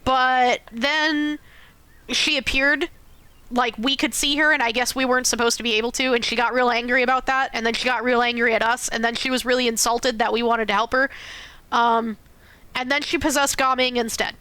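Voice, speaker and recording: A woman streamer casually recapping a game's story, animated, often laughing and swearing. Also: a little high, moderate pace, clear, resonant tone, dry recording. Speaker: game streamer. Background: faint game music.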